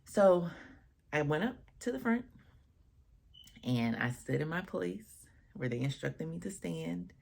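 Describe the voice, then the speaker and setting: Husky low-voiced woman telling a story. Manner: animated, expressive storyteller acting out quotes. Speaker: wedding officiant telling a story. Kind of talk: casual storytime vlog.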